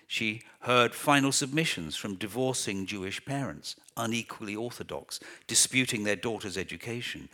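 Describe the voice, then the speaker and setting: A man narrating a literary novel as an audiobook in a measured, deliberate reading. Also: medium pitch, fairly bright tone.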